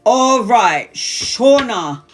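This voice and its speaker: Brief: woman tarot reader on a live stream, slightly high voice, blunt and chatty, curses casually, faint music behind. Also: sing-song, extremely slow. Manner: chatty and blunt, swears freely; addresses viewers as honey and sweetheart.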